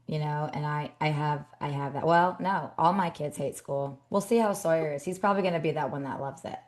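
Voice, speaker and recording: A woman in her thirties co-hosting a podcast in casual chat, animated and acting out scolding her kids. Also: sits low, brisk, hardly any pauses. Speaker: podcast co-host.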